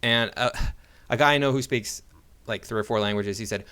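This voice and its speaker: A man's voice: mid-range voice, a little fast, sharp tone, smooth. An American man commenting on a video in a sarcastic, argumentative way, with frequent restarts. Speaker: online commentator.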